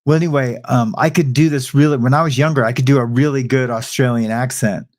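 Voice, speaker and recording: Speaking quickly at a medium pitch with a steady tone, this middle-aged livestream host chats casually with viewers. He wanders into a rambling anecdote, often restarting and tossing in asides.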